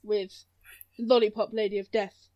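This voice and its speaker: A woman's voice: mid-range voice, level tone, normal speed, highs cut off. A woman narrating a tabletop game as game master, casual and often laughing, sometimes searching for words.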